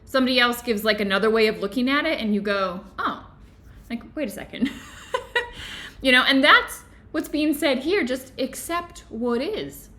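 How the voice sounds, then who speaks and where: A woman hosting a book club discussion, talking casually and telling stories in an animated, chatty way with lots of "like"s. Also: fairly high pitch, moderate pace. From Florida, USA. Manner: chatty, animated storytelling with many "like"s.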